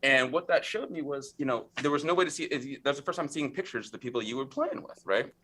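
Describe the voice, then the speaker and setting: Brief: man, 40s, podcast guest, crisp bright tone, mid pitch, chatty storyteller who keeps checking in with "right?". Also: fast, slight background noise. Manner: animated, acts out lines of game text; chatty, full of fillers and "right?". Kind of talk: conversational storytelling.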